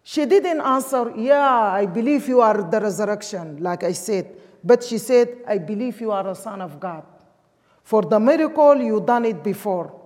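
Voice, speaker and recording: A woman's voice: medium pitch, lively intonation, moderate pace, darkish tone. A woman from Sudan, preaching a sermon emphatically in English. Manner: emphatic, with non-native English grammar. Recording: long hall reverb.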